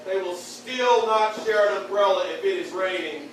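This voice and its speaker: High-voiced man doing stand-up, echoey hall. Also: normal speed. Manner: crude one-liners, heckles the crowd. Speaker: stand-up comedian. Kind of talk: stand-up comedy set. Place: stage in a beer hall. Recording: echoey room from far off, bar noise.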